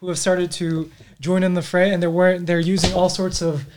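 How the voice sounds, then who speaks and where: A man's voice: high voice, flat delivery, fairly quick, noisy background. A man running a tabletop game as game master, describing scenes in a playful way.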